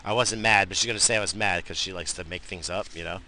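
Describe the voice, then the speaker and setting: A man ranting in a casual vlog monologue, profane and excitable, swinging between loud outbursts and low mumbling. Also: quick pace, slight background noise. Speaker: vlogger. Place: outdoors on a morning coffee run.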